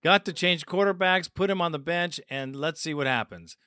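A man hosting a sports fan call-in show, excitable, often laughing and calling callers brother. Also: fairly high pitch, normal speed, no echo, studio quality. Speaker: podcast host.

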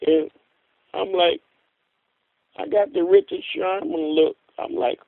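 A man calling in to a radio show, ranting excitably and swearing, swinging between loud outbursts and low muttering. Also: slow, gravelly, pauses often, dry recording. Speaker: caller. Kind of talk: animated call-in rant. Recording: tinny phone line.

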